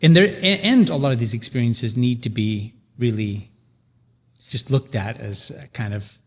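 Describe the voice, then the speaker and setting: A man's voice: mid-range voice, moderate pace, in a large hall. A man in his sixties hosting a podcast, talking reflectively with frequent restarts as he searches for words. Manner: thoughtful, searching, many restarts. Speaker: podcast host. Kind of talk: casual conversational interview.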